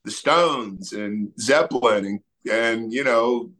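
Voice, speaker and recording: A middle-aged Texan musician, a guest in an interview, speaks slowly at a medium pitch. He chats casually and tells loose, relaxed stories packed with fillers.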